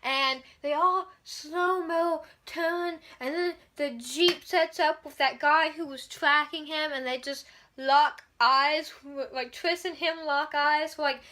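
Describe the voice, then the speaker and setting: A woman's voice: sits high, steady tone, slow, sharp tone. A woman reviewing a movie in a casual, sarcastic, exasperated rant, swearing freely.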